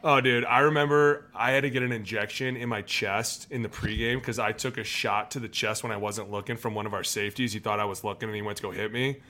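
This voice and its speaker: A man, a former pro football player, telling animated stories in a casual podcast chat and acting out what people said. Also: on the low side, fast, hardly any pauses. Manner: animated storyteller who acts out quotes.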